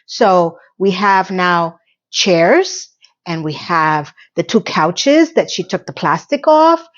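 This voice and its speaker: A woman vlogger with a fairly low, animated voice recaps a TV episode at a slow pace. She's sarcastic and chatty, swearing now and then. The lo-fi audio sounds slightly muffled.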